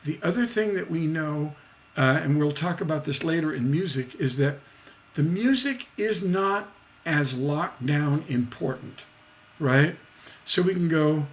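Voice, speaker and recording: Slow-talking man teaching songwriting. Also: on the high side. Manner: scats rhythms and sings snippets to demonstrate; slow, deliberate explaining. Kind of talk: songwriting lesson, livestream.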